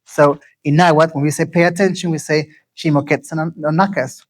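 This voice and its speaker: A man giving an interactive lecture, asking the audience questions and repeating key phrases slowly. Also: a little high, darkish tone, low-quality recording.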